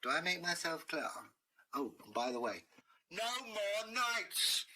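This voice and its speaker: A man's voice: high voice, big pitch swings, measured pace, sharp tone, slight background noise, voice pushed up, full character voice, low-quality recording. A man voicing a posh, grumpy dragon. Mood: threatening. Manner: plummy and fussy, then threatening. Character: pompous grumpy male dragon, posh and theatrical.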